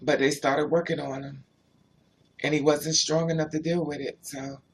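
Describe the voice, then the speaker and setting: A man's voice: a little high, flat delivery, moderate pace, slight background noise. A man on a casual livestream who tells rambling personal stories and answers viewers' chat comments as he goes.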